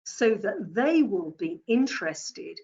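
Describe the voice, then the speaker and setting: A woman giving a presentation-skills lesson, speaking deliberately and repeating her key points. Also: medium pitch, big pitch swings, darkish tone, dull audio. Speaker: communication trainer. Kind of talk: presentation skills coaching talk.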